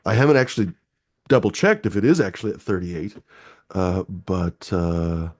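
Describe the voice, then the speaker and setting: A man with a fairly low voice hosts a casual live-stream chat. He rambles, restarts, and swears freely. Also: lively intonation, normal speed. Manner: rambling, profane, easygoing. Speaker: host.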